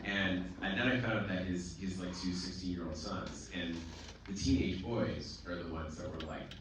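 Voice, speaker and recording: A man from Boston, a filmmaker, telling animated stories with frequent laughs and swearing in a Q&A after a screening. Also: low-pitched, moderate pace. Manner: animated, swears freely, restarts sentences, laughs often. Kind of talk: casual storytelling to an audience. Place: theater, full house. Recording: echoey theater taped from far off with background noise.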